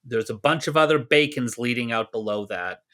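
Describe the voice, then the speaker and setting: Man, from Canada, podcast co-host, bright tone, lively storytelling, jokey asides. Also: mid-range voice, a little fast. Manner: animated, jokey, slips into mock voices for quotes. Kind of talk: casual history storytelling.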